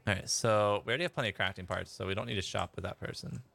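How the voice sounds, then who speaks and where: A man's voice: lowish voice, racing, gravelly, bright, forceful tone. A man chatting casually as he streams a game and reads out chat messages. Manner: chatty, rambling, laughs, reads chat aloud. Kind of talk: casual gameplay commentary.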